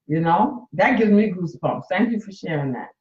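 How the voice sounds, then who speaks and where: A woman's voice: fairly low pitch, animated, moderate pace, darkish tone. Woman, late fifties, coach and nurse talking openly to viewers on her phone; roomy, slightly muffled sound. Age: 50s. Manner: candid and emotional, speaks to viewers directly. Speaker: coach and nurse hosting a live stream. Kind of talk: casual live-stream talk.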